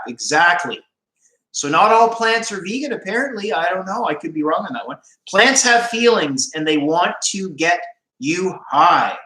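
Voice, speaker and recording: Bright-voiced chatty man in an echoey room. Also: fairly high pitch. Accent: Canadian. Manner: chatty, rambling, jokey, laughs often. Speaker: YouTube channel host on a live stream. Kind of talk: casual livestream chat, reading viewer comments.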